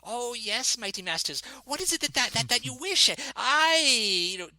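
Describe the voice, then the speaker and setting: A man voicing a weaselly male halfling pirate captain who speaks with oily flattery. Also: very high voice, moderate pace, no room sound, voice pushed up, exaggerated voice. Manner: oily, flattering, archaic phrasing.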